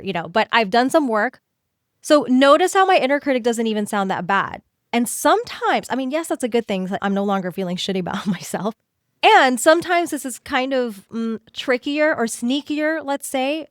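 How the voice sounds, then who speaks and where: Animated woman podcast host, dry sound. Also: a little high, normal speed, dry recording. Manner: animated, playful, acts out inner voices; swears casually and laughs often. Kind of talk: solo podcast talk.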